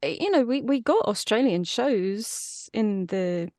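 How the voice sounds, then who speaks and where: In a relaxed interview, a woman who works as a voice actress chats in a self-deprecating way. Her medium-pitched voice is expressive, unhurried and a little mellow, with studio-quality sound and no room sound.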